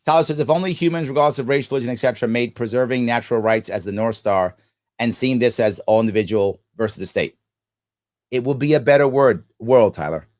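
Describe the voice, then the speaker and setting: A man's voice: medium pitch, quick pace, darkish tone. A man hosting a live stream, reading viewer comments and giving emphatic commentary, acting out the quoted voices. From United States. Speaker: host.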